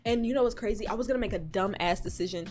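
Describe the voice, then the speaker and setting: A young adult woman vlogger telling a storytime, animated and casual, swearing and jumping into high squeals as she retells scenes. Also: very fast. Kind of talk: storytime vlog.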